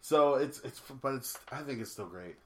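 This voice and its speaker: A man's voice: medium pitch, animated, normal speed. Laid-back, laughing podcast co-host man. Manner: laughs easily, loose and rambling. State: had drinks before recording. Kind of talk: casual chat.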